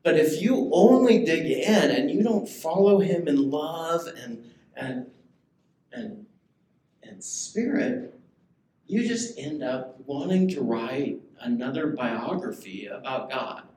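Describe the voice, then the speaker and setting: Lively conversational male pastor preaching. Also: fairly high pitch, slow. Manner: conversational, asks the congregation questions. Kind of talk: sermon. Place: church sanctuary. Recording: echoey church room, faint ambience.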